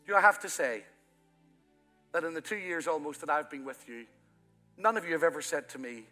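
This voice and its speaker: Bright-voiced Irish-born preacher, soaring and hushed. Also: male voice, a little high, expressive, brisk, long pauses. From Ireland. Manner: impassioned preaching, swelling loud then dropping soft. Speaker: pastor. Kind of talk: sermon. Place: church. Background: soft music from the church band.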